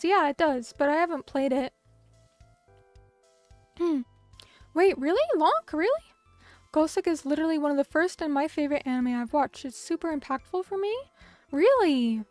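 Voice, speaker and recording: A woman's voice: sits high, a little mellow, no room sound. A young woman streaming, chatting casually with her viewers and reacting to their comments in a bubbly, chatty way. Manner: bubbly and chatty, reading out chat comments, many fillers.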